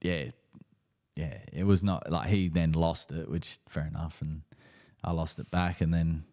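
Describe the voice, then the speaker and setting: A man's voice: very deep voice, fairly even intonation, unhurried, dark tone. A young Australian man co-hosting a live podcast, telling rambling stories and swearing freely. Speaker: podcast co-host. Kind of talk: casual live podcast chat.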